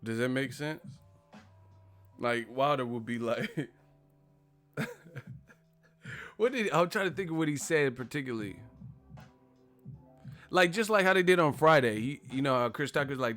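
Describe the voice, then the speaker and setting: A man's voice: medium pitch, expressive, measured pace, long pauses, fairly bright tone, faint music behind. Profane laughing man on a live stream. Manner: laughs often, profane, slangy, imitates others. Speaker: commentator. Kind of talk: casual live-stream commentary.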